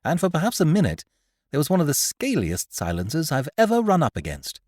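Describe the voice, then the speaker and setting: A man narrating a story aloud in a scripted, expressive audiobook style. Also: fairly high pitch, a little fast, no room sound, studio quality.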